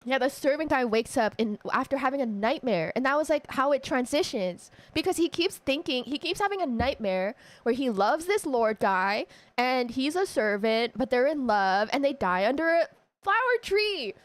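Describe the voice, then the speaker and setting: A woman streamer casually retelling a story to her viewers, animated and emotional, often laughing. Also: high-pitched, normal speed, no echo.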